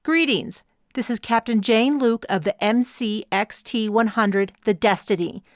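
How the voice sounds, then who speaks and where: A woman's voice: a little high, a little slow, no echo, clean studio sound, pitched above the performer's own voice, natural voice. A woman voicing a condescending young female starship captain who gloats with false sweetness. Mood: smug. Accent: slips into an accent when frustrated.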